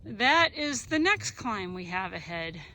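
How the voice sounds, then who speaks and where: A woman's voice: medium pitch, big pitch swings, measured pace, noisy background. A woman vlogging outdoors on a mountain trail, chatty and upbeat as she tells how the hike is going. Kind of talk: casual outdoor vlog.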